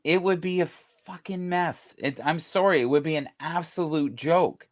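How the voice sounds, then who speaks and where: A man chatting casually about football on a podcast, animated and joking, with the odd swear. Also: a little high, normal speed. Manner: animated, swears, jokey asides. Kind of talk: casual sports chat.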